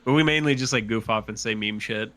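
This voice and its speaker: A man's voice: on the low side, fast, a bit bright. A man chatting casually as a podcast guest, rambling and swearing as he restarts his sentences. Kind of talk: casual chat.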